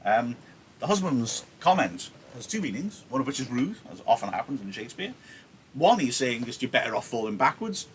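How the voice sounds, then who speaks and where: A man's voice: mid-range voice, big pitch swings, normal speed, a little hiss or hum. A man teaching a play on a livestream, explaining in a chatty way with wry asides. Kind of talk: casual livestream lesson on a play.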